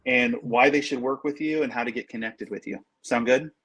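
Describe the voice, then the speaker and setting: A man's voice: medium pitch, fairly quick, a bit bright, slightly rough. A man hosting a podcast interview, asking questions and giving short friendly replies. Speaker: podcast host.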